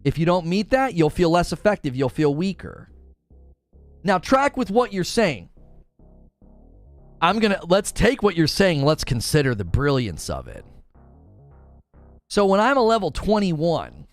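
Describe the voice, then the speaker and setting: High, animated sarcastic man. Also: a little slow, pauses often, soft background music. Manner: sarcastic, exasperated. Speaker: gaming commentator. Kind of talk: ranting video commentary.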